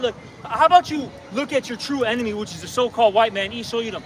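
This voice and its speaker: A man's voice: very high-pitched, fast. A man preaching in the street, confrontational and emphatic, often checking with "okay?". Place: outdoors on a city street. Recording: distant outdoor recording with street noise.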